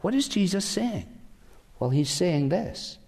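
A man's voice: high-pitched, very animated, slow pace, vocal fry, darkish tone. A man preaching a sermon as pastor, emphatic and full of rhetorical questions. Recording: long hall reverb.

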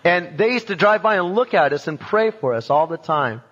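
A man telling a personal testimony, animated and acting out voices and sounds from his story. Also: high voice, moderate pace. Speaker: speaker giving a testimony. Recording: dull sound in a reverberant hall.

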